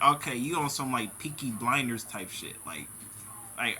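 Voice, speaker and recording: A man's voice: medium pitch, big pitch swings, normal speed, pushed and bright, slight background noise. A man hosting a casual vlog, talking in loose slang and calling his viewers bro and dog. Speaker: channel host.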